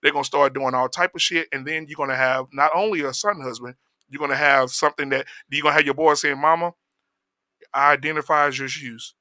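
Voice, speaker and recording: A high, very bright man's voice rants and preaches with constant cussing. The sound is close and dry, with no room to it. He talks in a heated podcast style. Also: fairly even intonation, fast talker, dry recording. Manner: profane, preachy, mimics voices mid-rant.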